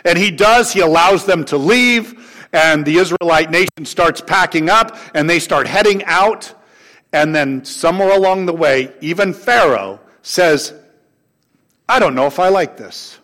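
A man preaching a sermon to his congregation, swinging between raised, emphatic lines and soft, low asides. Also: unhurried. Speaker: pastor. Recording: long hall reverb.

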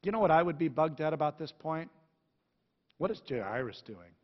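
A man pastor preaching a sermon in an animated, conversational, jokey way. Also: on the high side, moderate pace. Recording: echoey hall, dull sound.

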